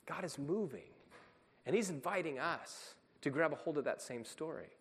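A man's voice: fairly high pitch, expressive, moderate pace, a bit bright. A man preaching a sermon as a pastor, in an earnest, emphatic way. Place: church sanctuary. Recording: long reverb of a church hall.

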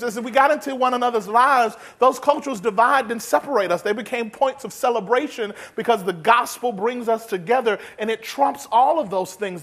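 A man preaching a sermon in a folksy, humorous, animated way. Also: very high-pitched. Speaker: pastor.

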